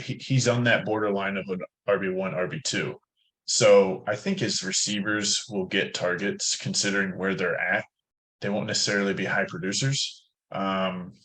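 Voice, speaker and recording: A man's voice: fairly low pitch, a bit bright, rough recording. A man talking through a fantasy football roster in a casual podcast chat, thinking aloud with frequent fillers. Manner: thoughtful, hedging with fillers.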